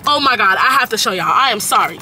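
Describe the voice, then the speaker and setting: A young woman in her late teens, vlogging while she drives, rambling and cursing through an animated story time. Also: on the high side, fast. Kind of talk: casual story-time chat while driving. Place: inside a car on the road. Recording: car with loud road noise.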